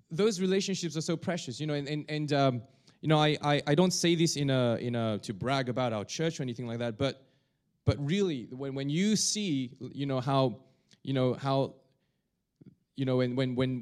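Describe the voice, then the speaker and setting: A male pastor preaching a sermon, talking in a halting way with many restarts and fillers. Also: mid-range voice, darkish tone.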